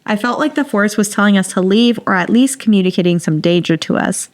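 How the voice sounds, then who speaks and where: A woman's voice: medium pitch, quick pace. A woman co-hosting a podcast, reading a listener's story aloud in a playful, dramatic way and laughing often. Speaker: podcast co-host.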